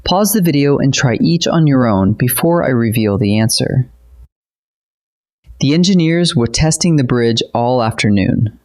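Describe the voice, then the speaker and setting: A man delivering a scripted grammar lesson at a slow, unhurried pace. His pitch sits in the middle range, and he explains each point patiently and steadily, in the manner of a classroom teacher. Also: lively intonation, a little mellow.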